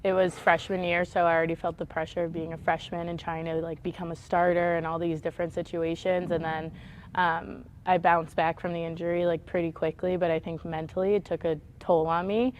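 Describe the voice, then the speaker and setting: A young woman, a college softball player, giving calm and thoughtful interview answers, often saying like and um. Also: lowish voice, brisk, slight background noise. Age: young adult.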